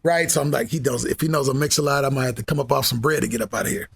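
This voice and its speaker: A man's voice: mid-range voice, racing, vocal fry, slightly rough. A man from Seattle, a guest on a podcast, telling blunt and profane stories in casual chat. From Seattle, USA. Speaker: guest musician.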